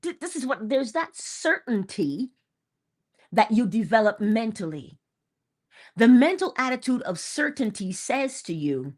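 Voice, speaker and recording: A woman's voice: mid-range voice, lively intonation, measured pace. A woman hosting an inspirational morning talk, casual and emphatic, repeating key phrases and laughing between points. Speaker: host.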